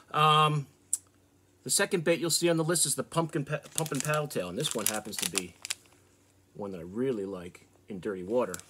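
An American man from the northeast hosts a fishing video, talking through his baits in a loose, easygoing way. His voice sits at an ordinary middle pitch. Faint noise and plastic crinkling sit under the speech. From northeastern United States. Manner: relaxed, chatty, fillers and restarts. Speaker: fishing channel host. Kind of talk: casual product show-and-tell.

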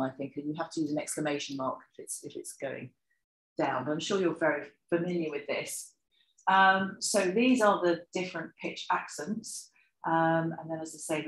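A woman gives an academic lecture, her voice low-pitched and sitting in a roomy, echoing space. She explains patiently, with plenty of ums and small restarts. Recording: echoey lecture room.

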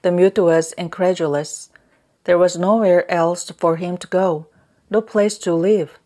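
A woman narrating an audiobook in a slow, measured reading voice. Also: on the low side, steady tone, mellow. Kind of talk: scripted narration.

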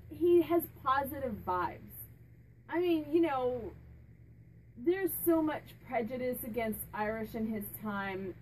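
High-voiced woman channeling a spirit. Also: recorded from a distance, slight background noise, poor audio. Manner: chatty, warm-hearted, many restarts and fillers; laughs and jokes with the spirit. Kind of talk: casual channeling talk to camera.

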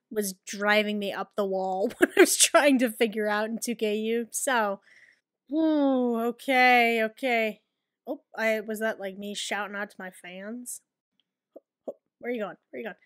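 A woman hosting a gaming video, giving casual gameplay commentary, excitable, swearing and yelling at the game. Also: on the high side.

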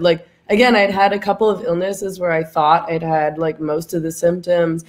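A woman's voice: fairly low pitch, steady tone, moderate pace, hardly any pauses, darkish tone. A woman hosting a livestream in casual chat, congested from a cold, chatty and laughing often with many fillers. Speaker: livestream host.

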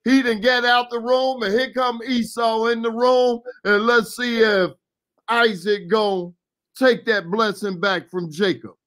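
High-voiced man hosting a folksy Bible talk. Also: steady tone, unhurried, fairly bright tone. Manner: folksy, chiming in to prompt the reader. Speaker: radio show host leading Bible reading. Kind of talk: casual Bible commentary. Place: radio studio.

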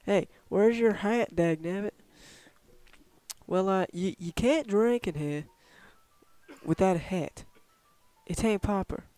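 Dude voicing a wild-eyed old saloon drunk, drawly, kinda high, dry audio. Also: male voice, slow pace, long pauses, darkish tone, no echo, soft background music. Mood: indignant.

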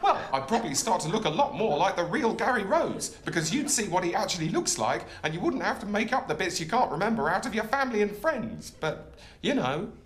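An actor playing an imagined celebrity chef, a prickly, squeamish man with a deadpan, defensive way of talking. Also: high voice, a little fast, few pauses. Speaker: sketch character. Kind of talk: sketch comedy acting. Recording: roomy sound with clear noise.

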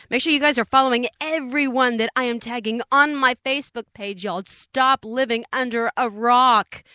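A woman's voice: fairly high pitch, sharp tone, no room sound. A woman hosting an indie radio show, chatting in a bubbly, playful way full of slang. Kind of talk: casual radio DJ chat.

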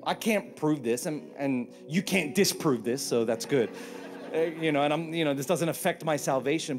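A man preaching a sermon on a church stage, joking and acting out Bible scenes in put-on voices. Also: a little high. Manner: animated, joking, acts out quotes in put-on voices. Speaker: pastor.

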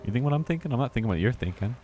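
A man's voice: medium pitch, expressive, rapid-fire, darkish tone, soft background music. A man streaming a game live, commenting casually, muttering to himself and swearing when startled.

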